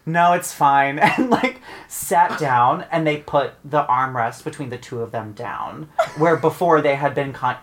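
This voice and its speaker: A woman's voice: very deep voice, lively intonation, measured pace, hardly any pauses. A woman co-hosting a casual chat, telling stories with dry, self-mocking humor. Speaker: podcast co-host. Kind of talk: casual storytelling.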